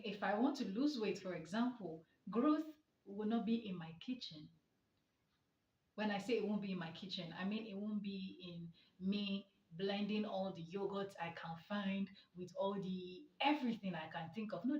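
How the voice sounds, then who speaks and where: A woman's voice: mid-range voice, normal speed, darkish tone. A woman giving a motivational talk as a therapist, emphatic and rhetorical with mocking asides. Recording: echoey, distant, dull sound.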